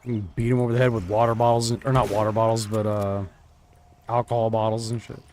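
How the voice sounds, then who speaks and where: A man's voice: lowish voice, flat delivery, quick pace, darkish tone, slight background noise. A young man streaming a shooter game, chatting casually and trailing off into mumbled asides. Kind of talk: casual gameplay commentary.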